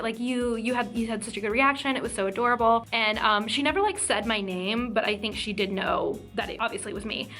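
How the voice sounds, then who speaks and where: A young woman vlogger excitedly retelling a story to camera in a fast, casual way, peppered with filler words. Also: fairly high pitch. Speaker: YouTube vlogger.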